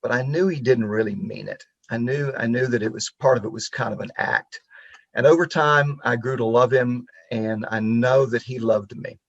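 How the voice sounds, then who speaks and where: A man's voice: mid-range voice, normal speed, gravelly, dry recording, dull audio. A man in his fifties from Pensacola, Florida, giving a local history talk over a video call in an earnest, reflective storytelling way. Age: 50s. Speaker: guest speaker on local history. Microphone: computer mic on a video call.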